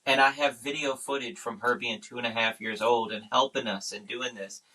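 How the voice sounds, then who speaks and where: Male podcast host, casual chat, joking dad humor, bright tense voice, a bit distant from mic. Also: medium pitch, fairly even intonation, normal speed.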